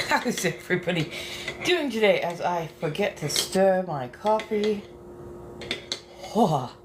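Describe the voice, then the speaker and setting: A woman chatting softly as an ASMR creator at home, musing unhurriedly and practicing phrases aloud. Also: on the low side, lively intonation, unhurried, long pauses, background noise. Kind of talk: soft-spoken ASMR chat. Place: home apartment.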